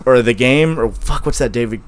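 A man's voice: mid-range voice, brisk, noisy background. A young man co-hosting a podcast, chatting crudely and joking, often laughing and putting on silly voices. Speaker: podcast co-host. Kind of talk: crude casual chat.

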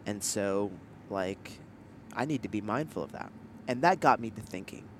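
A man's voice: fairly low pitch, lively intonation, moderate pace, fairly bright tone. Young male podcast host, playful and slangy, recorded in a moving car with faint road noise. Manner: playful, joking, lots of laughter and slang. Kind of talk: casual chat.

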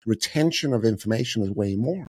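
A middle-aged man, a guest on a podcast, explaining communication in a lively way and acting out quoted voices. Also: fairly quick, breathy edge, no room sound, clean studio sound. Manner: animated, acts out quoted voices with big pitch jumps. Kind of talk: casual interview talk.

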